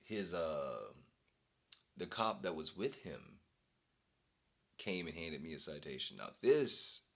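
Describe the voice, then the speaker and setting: A young man vlogging, telling an exasperated story in a casual, animated way and breaking into laughter. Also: very deep voice, slow pace, gravelly.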